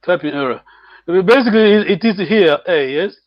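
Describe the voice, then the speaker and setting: Patient man teaching words slowly. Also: high-pitched, animated, no echo. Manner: patient, repeats words slowly, chuckles often. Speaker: language teacher. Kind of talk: live online language class. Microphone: online call microphone. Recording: dull, dry lo-fi stream audio.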